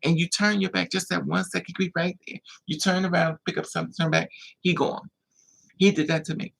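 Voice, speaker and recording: A man hosting a livestream, telling a personal story in a casual, animated way and acting out the voices of the people in it. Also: high voice, brisk, vocal fry, husky, rough recording. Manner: animated, acts out quoted voices.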